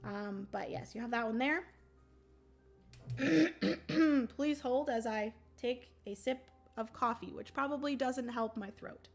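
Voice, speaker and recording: Fairly high-voiced woman on a board game stream, thinking out loud, rough morning throat. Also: slow, pauses often, soft background music. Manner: chatty, many ums, thinks aloud. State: morning voice, keeps clearing her throat. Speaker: board game livestream host. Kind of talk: casual rules explanation while playing.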